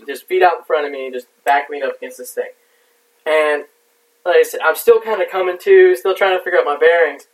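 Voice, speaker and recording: A man's voice: a little high, a little fast. A man telling a war story in casual talk, rambling and swearing with lots of fillers. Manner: profane, rambling with many fillers. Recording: distant mic.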